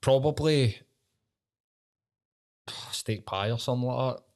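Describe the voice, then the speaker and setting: A Scottish man hosting a podcast, chatting in a sweary, joking, animated way. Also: medium pitch, takes it slowly. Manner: sweary, banter-heavy and animated. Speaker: podcast host. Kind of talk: casual chat.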